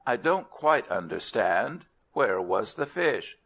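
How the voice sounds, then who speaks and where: A man's voice: medium pitch, very animated, slow, vocal fry, fairly bright tone, full character voice. A man voicing a sly male jackal who pretends to be dim-witted, on a dull lo-fi recording. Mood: mock-dim. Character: sly, clever male jackal playing dumb.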